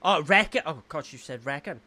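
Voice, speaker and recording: A man hosting a casual chat, asking questions in an animated, stumbling way. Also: a little high, a little fast. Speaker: podcast host.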